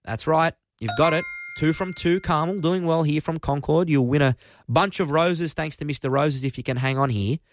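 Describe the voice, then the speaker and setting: A man hosting a live radio quiz, upbeat, friendly and brisk. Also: fairly high pitch, no echo. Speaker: radio host. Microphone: studio microphone.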